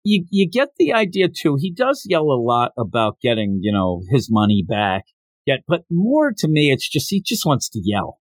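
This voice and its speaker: A man's voice: normal speed, no room sound. A man co-hosting a manga review podcast, casually retelling a story and acting out the characters' lines. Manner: animated retelling, acting out quotes with raised pitch. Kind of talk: casual chat.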